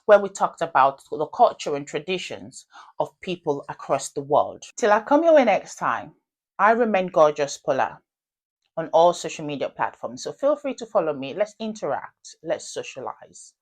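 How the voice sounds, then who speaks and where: Animated woman chat-show host. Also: low voice, moderate pace. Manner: animated, playful quizzing.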